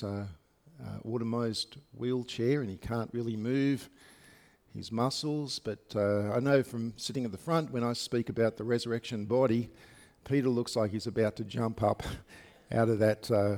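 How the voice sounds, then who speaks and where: A man's voice: lowish voice, creaky, darkish tone. A man preaching a sermon to his congregation, speaking conversationally with many fillers and asides. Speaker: pastor. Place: church service.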